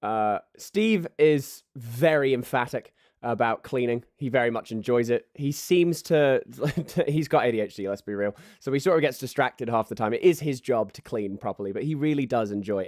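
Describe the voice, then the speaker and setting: A man's voice: medium pitch, a little mellow, no echo, studio quality. A man narrating as game master, rambling and full of fillers.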